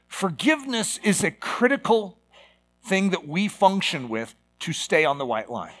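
A middle-aged man preaching a sermon, animated and given to acting out voices with sudden loud outbursts. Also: high voice, moderate pace. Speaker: pastor.

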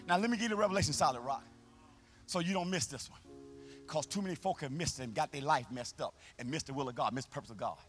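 A man pastor preaching a sermon live in a church, with a call-and-response, sing-song delivery that swells into shouts, and folksy, colloquial phrasing. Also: a little high, fast, soft background music. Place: church sanctuary, live service.

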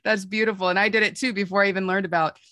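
A woman's voice: mid-range voice, steady tone, racing, no room sound. A woman with a mid-range voice hosts a podcast and answers her guest with eager agreement before adding her own thoughts. Her voice is recorded dry and close, with almost no room sound. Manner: affirming, warm-hearted commentary. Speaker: podcast host. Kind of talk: conversational interview.

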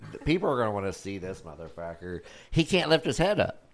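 A man's voice: on the low side, big pitch swings, fast talker, vocal fry, a crowd in the background. A man hosting a casual podcast with friends, laughing, swearing and teasing. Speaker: podcast host. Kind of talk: casual chat. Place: indoor room with friends.

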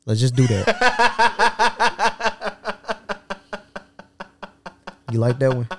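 A man's voice: mid-range voice, little pitch movement, very slow, mellow. A man co-hosting a casual podcast, joking and slangy, talking into a studio mic. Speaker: podcast co-host.

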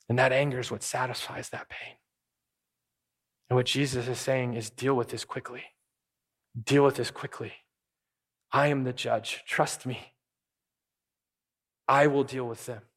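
A man preaching a sermon on a Bible passage, animated, often acting out imagined voices in a raised pitch. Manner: animated, acts out quoted voices in higher pitch. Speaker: pastor.

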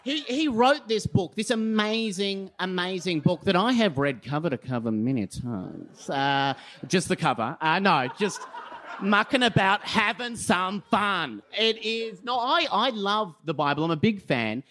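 An Australian man delivers a live comic debate speech in a self-mocking, sarcastic-sounding way. His voice swings widely in pitch and sits a little high for a man. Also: animated, unhurried, a bit bright. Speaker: comedy debater. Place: live comedy venue stage.

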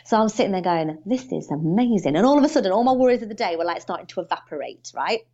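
A woman from the UK, a guest on a podcast, telling stories in an animated, emphatic way. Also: mid-range voice, quick pace, lo-fi sound. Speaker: guest, financial advisor coach. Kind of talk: casual podcast interview.

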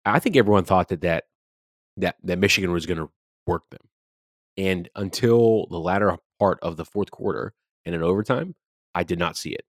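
A man's voice: deep voice, normal speed, no echo, clean studio sound. A man co-hosting a sports podcast, talking casually and animatedly, swearing freely as he rants about games. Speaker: podcast co-host.

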